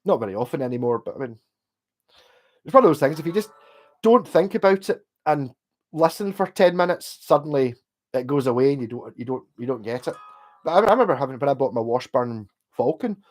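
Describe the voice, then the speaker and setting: His mid-range voice is expressive, a little mellow, and moves a bit fast. A middle-aged Scot with a Glasgow accent, he reads livestream chat in a rambling, foul-mouthed style stuffed with fillers.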